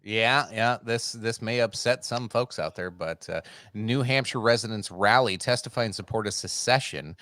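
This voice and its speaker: A man with a fairly low voice co-hosting a podcast, reading out headlines and throwing in jokes. The sound is close and dry. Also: normal speed, few pauses, a bit bright, no room sound. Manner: joking, reads headlines aloud. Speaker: podcast co-host. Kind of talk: casual political chat.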